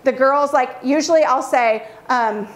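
Woman, portrait photographer, casual tutorial, chatty, fairly high voice. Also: unhurried. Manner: chatty, acts out kids' reactions.

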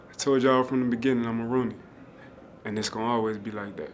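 A man's voice: medium pitch, fairly even intonation, quick pace. A young adult man, a pro football player, giving an earnest, emotional spoken tribute, repeating phrases as he holds back tears.

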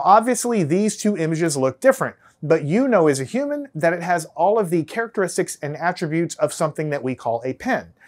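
A man with a Texan American accent teaching a lesson in a casual, conversational way, often checking in with "right?" and restarting his phrases. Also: fairly high pitch. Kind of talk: casual whiteboard lecture.

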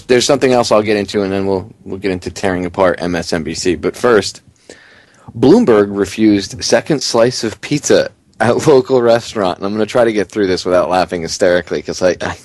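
A man hosting a talk radio show, giving excitable, indignant commentary and reading a story aloud with chuckles. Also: on the low side, no echo.

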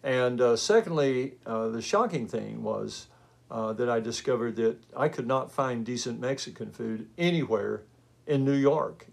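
A man's voice: medium pitch, measured pace, gravelly. A man in his fifties with a West Texas drawl, lecturing as an art instructor in a chatty, folksy way full of ums and uhs. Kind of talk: recorded online lecture.

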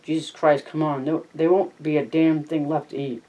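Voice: medium pitch, level tone, normal speed, mellow, recorded from a distance, close to an everyday voice, poor audio. A curt, protective farm worker in a plain read-aloud, as a reader puts him on. He talks short and cold to outsiders.

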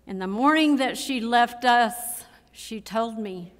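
A woman in her sixties gives a memorial eulogy for her mother in a church, speaking in an emotional, measured way with repeated phrases. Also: a little high. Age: 60s. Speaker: daughter giving a eulogy. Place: church sanctuary. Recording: long church hall reverb.

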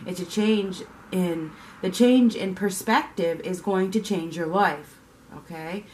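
A woman with a lowish, darkish voice reads tarot slowly and casually over slight background noise. Her talk is chatty and repetitive, and she sometimes dramatizes the reactions she describes.

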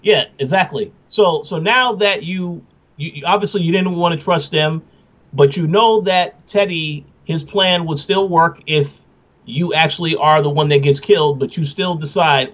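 Halting man with dull lo-fi sound. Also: on the high side. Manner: halting, restarts often while giving opinions. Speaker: podcast co-host. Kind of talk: casual recap chat.

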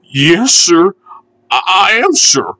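A man's voice: extremely high pitch, very animated, takes it slowly, no echo, pitched above the performer's own voice, exaggerated voice. A man voicing a cheeky, whiny little male tank engine in a storybook reading. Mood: nervous. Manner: cheeky and whiny, nervous when scolded. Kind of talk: storybook character voice.

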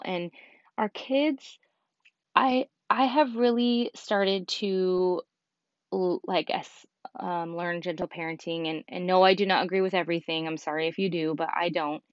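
A woman's voice: lowish voice, fairly even intonation, a little slow, dry recording. A woman in her thirties hosting a casual solo podcast, talking candidly with lots of fillers. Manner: candid, chatty, many fillers. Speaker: podcast host. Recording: dull lo-fi podcast mic.

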